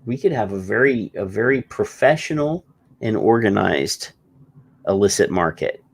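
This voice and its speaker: A man's voice: fairly low pitch, animated, normal speed, gravelly, husky. A man hosting a podcast, joking and spinning playful schemes in casual chat. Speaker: podcast host.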